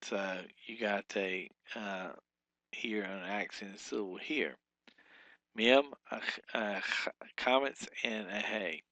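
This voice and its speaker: A man's voice: fairly low pitch, takes it slowly, sharp tone, no room sound. Man explaining a language lesson, dry. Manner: explains rules step by step, with many fillers and restarts. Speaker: Hebrew teacher. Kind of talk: recorded grammar lesson.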